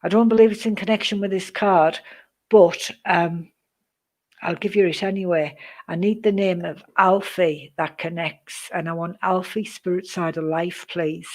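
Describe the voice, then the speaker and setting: A woman giving psychic readings on a live stream, chatty and rambling, greeting viewers by name, with many pauses and "um"s. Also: lowish voice, steady tone. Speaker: psychic reader.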